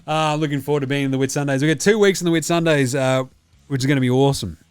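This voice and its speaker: A man's voice: medium pitch, rapid-fire, smooth, dry recording, soft background music. A man with an Australian accent, hosting a sports podcast and signing off in a casual, matey chat with a fair bit of swearing. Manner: swearing, laid-back and matey. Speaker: podcast host.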